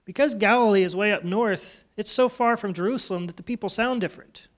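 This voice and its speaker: A man with a high voice teaches a Bible story to children. He talks in a loose, conversational way, retells scenes in his own words and keeps turning to the kids with questions. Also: a little fast.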